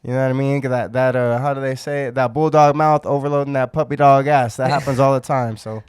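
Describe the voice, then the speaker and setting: A man trading boastful jokes on a podcast. His voice is smooth and clear, recorded close and dry on a podcast mic. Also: medium pitch, fairly even intonation, fast talker, darkish tone, no echo. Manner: joking, boastful banter. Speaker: podcast co-host. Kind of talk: casual chat.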